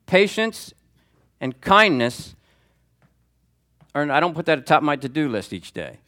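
A man teaching a Sunday school class, talking conversationally and calling on students by name, with lively swings in pitch for emphasis. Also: moderate pace. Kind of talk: teaching sermon. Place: church classroom before a group.

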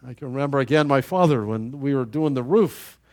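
A man's voice: medium pitch, animated, darkish tone. A man preaching a sermon in a folksy storytelling way, chuckling at his own anecdotes and often restarting his sentences. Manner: halting with repeated restarts.

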